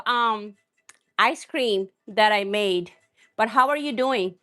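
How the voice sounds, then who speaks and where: A woman's voice: on the high side, takes it slowly, bright, forceful tone, faint music behind. A woman hosting a live cooking stream, chatting and rambling as she talks straight to her viewers. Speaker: cooking livestream host.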